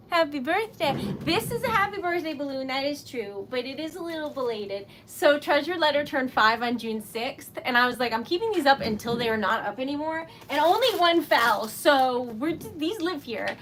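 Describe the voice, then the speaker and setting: A woman's voice: high-pitched, lively intonation, moderate pace, a bit bright, a little hiss or hum. A woman hosting a casual craft livestream, chatty and easily flustered, laughing often. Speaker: livestream host making wax seal stickers.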